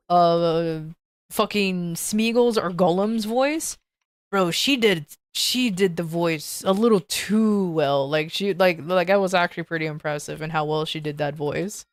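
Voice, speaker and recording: A woman's voice: lowish voice, a little slow, no echo, studio quality. A woman streamer chatting casually with her viewers, playful and joking, laughing often. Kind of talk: casual live-stream chat.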